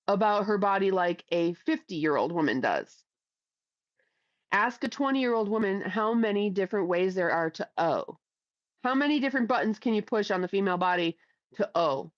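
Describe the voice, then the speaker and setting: A woman's voice: medium pitch, no room sound, dull audio. A middle-aged woman from Ohio hosting a livestream, reading chat aloud in a blunt, crude, chatty way. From Ohio, USA.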